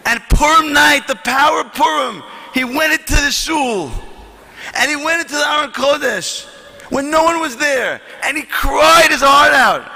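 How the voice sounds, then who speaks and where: High, bright-voiced man speaking fervently. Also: moderate pace, creaky, big-room sound. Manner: fervent, rising to shouts, reads letters aloud. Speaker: conference speaker. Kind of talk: impassioned speech to an audience.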